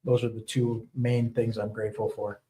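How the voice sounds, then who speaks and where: A man speaking as a guest in casual chat, earnest and halting. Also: fairly low pitch, level tone, dark tone, a little hiss or hum, rough recording.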